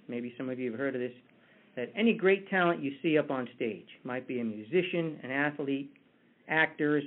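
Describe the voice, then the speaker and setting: A man giving a conversational motivational talk with a story, often restarting his words. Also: mid-range voice. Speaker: motivational speaker. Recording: tinny phone-like line.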